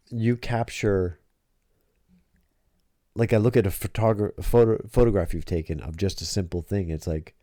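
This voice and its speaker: Middle-aged male host, very low mellow voice, halting restarts, dry close sound. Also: no echo. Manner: halting, repeats words when starting a thought. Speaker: podcast host. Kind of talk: casual chat with his daughter.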